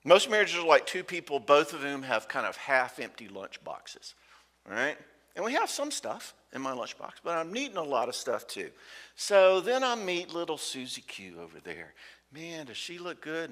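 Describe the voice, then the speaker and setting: A man speaks to a room of couples in a folksy, joking way and acts out spouses' lines as he goes. His voice is bright and forceful. It rings out with the long reverb of a church hall. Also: medium pitch. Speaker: conference speaker. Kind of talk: conference talk to couples.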